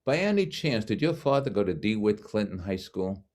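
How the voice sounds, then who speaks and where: A man's voice: lowish voice, very animated, moderate pace, a little mellow. A man voicing a kindly older army draft doctor with a thick New York accent.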